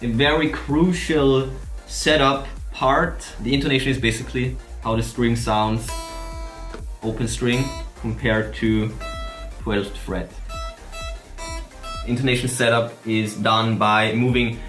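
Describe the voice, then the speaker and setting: A man's voice: medium pitch, slow pace, reverberant. Chatty man explaining guitar setup. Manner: relaxed, chatty, laughs at himself. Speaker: guitar vlogger. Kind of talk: casual tutorial.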